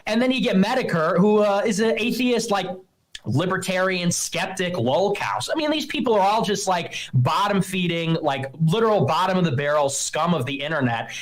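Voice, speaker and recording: A man's voice: high-pitched, animated, normal speed. A young man hosting a live stream, ranting in a scornful, mocking and profane way. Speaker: streamer host. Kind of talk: heated live-stream rant.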